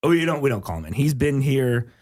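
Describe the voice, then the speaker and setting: Comedy podcast host, man, goofy and chatty, lively bouncing voice, quick to laugh. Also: mid-range voice. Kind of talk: casual comedy podcast chat.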